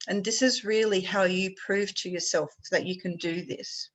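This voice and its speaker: A woman's voice: mid-range voice, fairly even intonation, moderate pace, low-quality recording. A woman leading a health workshop on a video call, talking in a casual, encouraging way.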